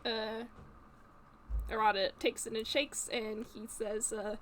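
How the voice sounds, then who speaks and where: A woman's voice: fairly high pitch, flat delivery, slow pace, long pauses. Hesitant woman player, faint background noise. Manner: hesitant, giggly, full of fillers. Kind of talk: playing a tabletop game.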